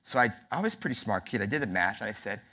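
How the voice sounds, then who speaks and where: Man, early 40s, keynote speaker, quick pace, lowish voice, self-deprecating stories. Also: animated, bright, forceful tone. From New York. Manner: storytelling with acted dialogue. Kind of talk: motivational keynote speech. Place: convention center hall.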